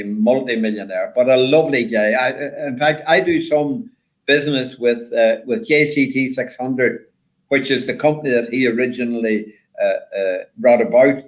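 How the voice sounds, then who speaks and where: An older man, a former rally driver, telling stories in a rambling, animated way with lots of repeated words. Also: medium pitch, normal speed, rough recording. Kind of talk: casual storytelling chat.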